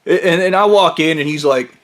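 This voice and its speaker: A man with a fairly high voice tells a crude story in a comic, off-the-cuff way. He is blunt and profane and mocks the people in his story at every turn. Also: a little slow, a bit bright. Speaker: storyteller comedian.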